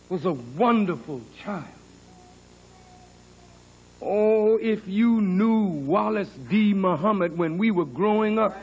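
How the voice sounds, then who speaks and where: Man preaching a sermon, high voice, slow and dramatic, goes soft then builds up big. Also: dull audio. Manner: dramatic storytelling, dropping low and soft, then rising to emphatic peaks; earnest testimony, insisting on his honesty. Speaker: minister.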